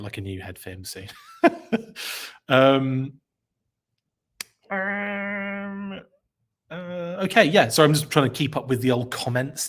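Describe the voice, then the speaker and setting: A man's voice: medium pitch, fairly bright tone. A man hosting a live podcast stream, reacting with enthusiasm, rambling and correcting himself as he reads out chat comments.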